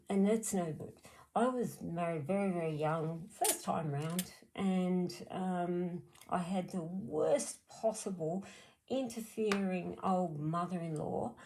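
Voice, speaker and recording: A woman's voice: on the low side, creaky, dark tone, low-quality recording. A middle-aged Australian woman giving a chatty, blunt card reading on a live stream, answering viewers by name. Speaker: card reader.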